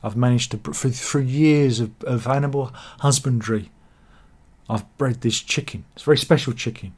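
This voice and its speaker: A man voicing a matter-of-fact male farmer in a joke he tells, speaking slowly and drawing out his words. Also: mid-range voice, darkish tone, slightly rough, close to an everyday voice.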